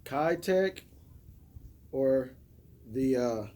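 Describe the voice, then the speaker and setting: He speaks extremely slowly yet animatedly, in a mid-range voice with a dark tone. The man is a fishing vlogger braving a snowstorm by a river, giving viewers casual, self-mocking chatter.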